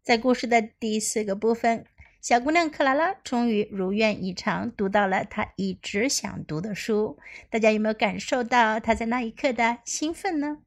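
A woman English teacher reading a story to children in two languages and leading practice, in a gentle, encouraging way. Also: on the high side, moderate pace.

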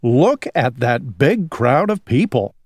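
Kind storybook farmer, read by a man; gentle, slow. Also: medium pitch, sing-song, no echo, clean studio sound.

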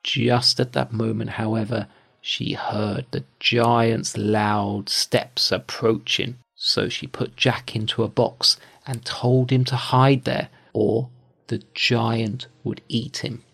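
An older man reading a bedtime fairy tale aloud in a calm, measured way. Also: medium pitch, vocal fry, breathy edge. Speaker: storyteller.

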